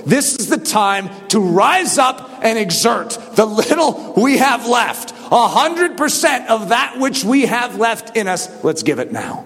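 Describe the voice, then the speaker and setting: A man preaching a sermon to a congregation, swinging from quiet talk to shouted exhortation. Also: very high voice, big pitch swings, a little slow, in a large hall.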